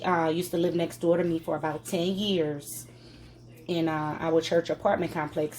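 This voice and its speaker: A low-voiced woman, folksy and chatty as she cooks in her home kitchen. She talks straight to her viewers in a relaxed, conversational way. A faint hiss sits under the recording. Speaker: cooking vlogger. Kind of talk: casual cooking demonstration.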